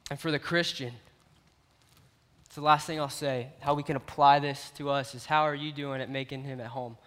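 A man preaching a sermon, telling a parable with lively, animated storytelling that swings between loud and quiet. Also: mid-range voice, normal speed. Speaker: youth pastor. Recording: long reverb of a large hall.

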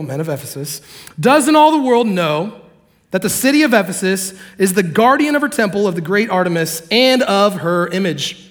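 A man preaching a sermon to a congregation, animated and joking, acting out the characters in the story. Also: high voice. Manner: animated, acts out quotes, jokes with the congregation. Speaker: pastor.

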